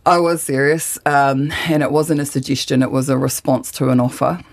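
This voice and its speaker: A woman's voice: very deep voice, little pitch movement, normal speed. A woman, answering interview questions with passion and indignation. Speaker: activist guest.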